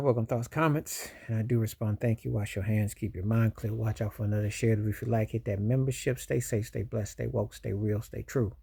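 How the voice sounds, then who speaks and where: Male vlogger, mid-pitch with gravel in the voice, casual and emphatic reaction commentary. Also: darkish tone. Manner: rambling, emphatic, preachy asides. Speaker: YouTube commentator.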